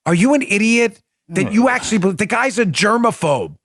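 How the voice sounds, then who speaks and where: High-voiced guy hosting a political talk show, mocking and punchy, bone dry close mic. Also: lively intonation, a little fast, a bit bright, dry recording. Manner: combative, mocking, emphatic; does a high silly impression voice in bursts. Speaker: host.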